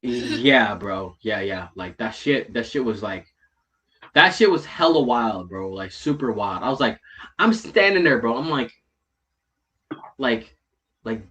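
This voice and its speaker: Bright-voiced man telling a wild story. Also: measured pace, pauses often. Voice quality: heavy swearing, slangy, repeats "right?" and "bro". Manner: animated, swings from loud retelling to low mutters. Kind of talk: casual storytelling chat.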